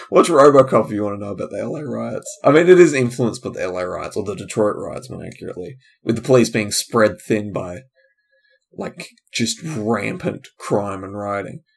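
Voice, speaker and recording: A man's voice: on the low side, animated, moderate pace, vocal fry, slightly rough. A man, a comedian, hosting a solo podcast in a loose, rambling, digressive way, with frequent trailing-off asides. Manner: casual, loose and digressive, trailing off, many fillers.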